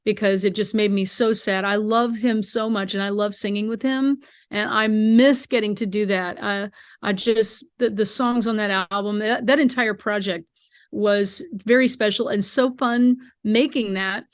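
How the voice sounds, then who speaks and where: A woman's voice: medium pitch, fairly even intonation, a little slow, no room sound, studio quality. A middle-aged woman, a bluegrass singer, telling heartfelt stories as an interview guest and acting out quoted dialogue. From United States. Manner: heartfelt storytelling, emotional, acts out quoted dialogue. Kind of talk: remote interview conversation.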